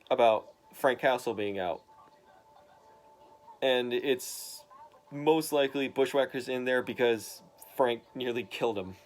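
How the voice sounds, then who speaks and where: A man in a loose, rambling recap of a comic book. He talks in a mid-pitched voice, full of fillers and the occasional curse. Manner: rambling, filler-heavy, swearing.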